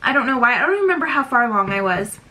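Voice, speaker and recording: A young woman with a slightly high voice talks through a candid vlog update. She rambles frankly with lots of ums and restarts, sighing now and then as she fights nausea. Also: big pitch swings, quick pace, bright, forceful tone. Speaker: vlogger. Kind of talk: casual pregnancy update vlog.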